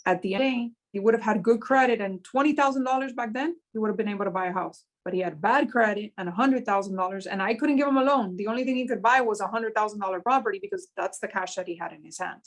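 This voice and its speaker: A woman talks through her experience as a mortgage business owner. She tells stories with animation and slows deliberately on the points that matter, in an easy conversational interview. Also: mid-range voice, poor audio. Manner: animated storytelling, slows down to stress key points.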